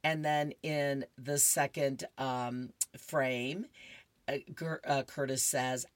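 Woman radio reader, unhurried, chatty asides, dry studio sound. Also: very deep voice, steady tone, dry recording. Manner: chatty asides, laughs at the jokes. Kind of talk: reading horoscopes and comic strips on radio.

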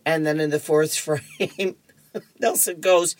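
A woman's voice: low voice, steady tone, a little slow, dry recording. A woman radio reader chatting and reading comic strips aloud, laughing between them.

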